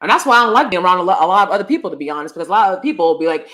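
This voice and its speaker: A woman's voice: on the low side, expressive, rapid-fire, hardly any pauses, noisy background. A woman hosting her own channel, talking in a casual commentary style, emphatic and chatty, often checking in with "you know" and "right" and repeating lines for emphasis. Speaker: channel host.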